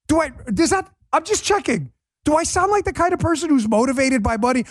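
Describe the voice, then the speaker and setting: A man hosts a political commentary show with a mocking, emphatic edge, his pitch sitting higher than most men's. The sound is dry and close, with no room around the voice. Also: big pitch swings, a little fast, husky, no echo. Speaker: podcast host.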